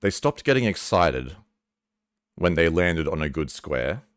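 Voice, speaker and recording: Deep-voiced man talking candidly. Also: big pitch swings, measured pace, no echo, studio quality. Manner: casual, earnest, occasionally swears. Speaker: vlogger. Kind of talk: candid personal talk to camera.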